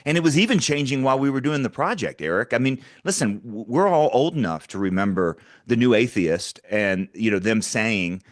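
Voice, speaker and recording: A man's voice: medium pitch, animated, brisk, hardly any pauses, no echo, clean studio sound. A man speaking as a guest in a conversational interview, earnest and talking through frequent stammered restarts.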